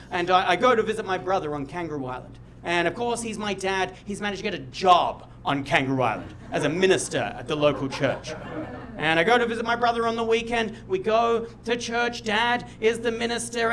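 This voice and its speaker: A young man with an Australian accent telling a stand-up story to a live crowd. His voice sits high, and he tells it in an animated way, now and then bursting into loud shouts. A faint hum of the room sits behind him. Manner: animated, jumps to loud shouts when acting out his dad. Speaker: stand-up comedian. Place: comedy stage before a live audience.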